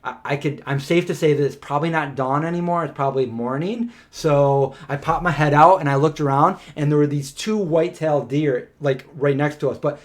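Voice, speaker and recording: Man, a bit high-pitched, casual live-stream storytelling, animated, filler-heavy chat. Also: brisk, few pauses. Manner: animated, chatty, many "like" fillers.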